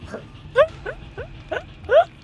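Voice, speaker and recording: Chatty excitable woman streamer. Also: very high voice, over loud music. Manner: chatty and excitable, quick bursts of laughter. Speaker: live game streamer. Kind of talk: casual gameplay chat with viewers.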